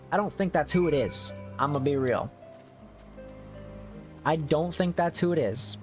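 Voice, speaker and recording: A man's voice: on the high side, unhurried, pauses often, soft background music. A man streaming a game, chatting casually and joking with its characters. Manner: jokey, chats with game characters. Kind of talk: casual gameplay commentary.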